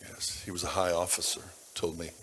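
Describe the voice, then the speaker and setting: A man preaching a sermon, telling stories about people from his congregation, dropping to a hush and then rising to loud emphasis. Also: low-pitched, little pitch movement, brisk, slight background noise. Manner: dramatic shifts between hushed and loud. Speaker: pastor. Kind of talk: sermon storytelling. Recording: long reverb of a large hall.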